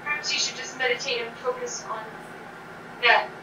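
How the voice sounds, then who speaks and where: A high-pitched woman narrates as game master, guiding the players slowly and stumbling over a word now and then. She sounds set back from the mic in an echoey room, with clear background noise. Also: fairly even intonation, far from the mic. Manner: slow, guiding narration with small stutters.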